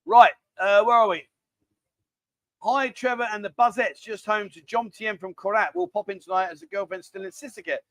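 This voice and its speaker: Chatty man with a high voice. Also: fairly even intonation, a little fast, no echo. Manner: rambling, chatty, cheeky banter. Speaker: livestream host. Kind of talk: casual live chat reading viewer comments.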